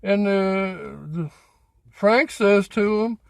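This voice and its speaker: A high-pitched man spins a rambling yarn outdoors on a city street, cracking corny jokes and teasing himself when they flop. He talks in an unhurried, drawn-out way, and the sound is dry and close. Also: lively intonation, dry recording. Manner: chatty, folksy, self-mocking about his jokes. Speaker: vlog host.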